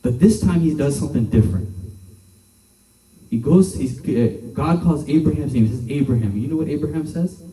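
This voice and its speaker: A man's voice: a little high, normal speed, warm tone. A young man giving a casual sermon to a youth group, chatty and full of fillers, acting out the voices he quotes. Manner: conversational, filler-heavy with many "like"s, acts out quoted voices. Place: church hall. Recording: echoey room from a distance.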